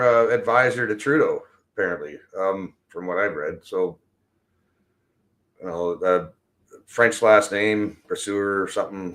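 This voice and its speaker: Profane rambling man, lowish voice. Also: fairly bright tone. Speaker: livestream host. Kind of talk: casual livestream rant.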